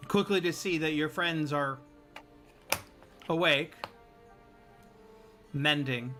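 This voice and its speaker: A man narrating a live tabletop role-playing game as game master, telling the scene slowly and dramatically. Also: a little high, pushed and bright, faint music behind. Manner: slow, dramatic storytelling.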